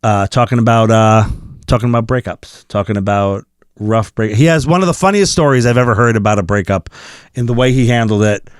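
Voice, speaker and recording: A man hosting a podcast, chatting casually in an animated, joking way. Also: on the low side, fairly quick, clear, resonant tone, no echo, clean studio sound. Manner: animated and joking, laughs often. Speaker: podcast host.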